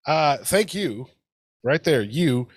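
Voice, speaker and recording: A man's voice: fairly high pitch, expressive, slow pace, dry recording, clean studio sound. A man hosting a casual podcast with his brothers, joking, swearing and laughing often over a video call. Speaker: podcast host. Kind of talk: casual chat among brothers.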